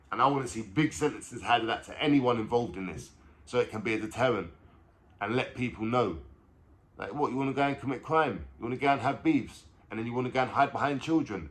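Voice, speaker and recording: A man speaks straight to his viewers in a reaction video. He sounds blunt and impassioned and swears freely. His pitch sits in an ordinary middle range. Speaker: vlogger.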